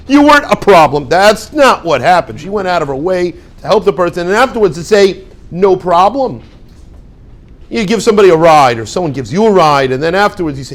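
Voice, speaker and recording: A man, a rabbi, teaching a class in an animated way, acting out everyday dialogues and putting rhetorical questions to his students. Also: sits high, normal speed. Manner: animated, acts out little dialogues in quoted voices. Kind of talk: lively classroom talk.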